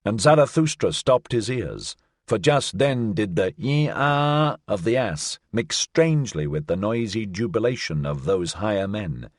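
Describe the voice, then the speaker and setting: A man narrating an audiobook in a measured, formal reading. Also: lowish voice, very animated, no echo, clean studio sound.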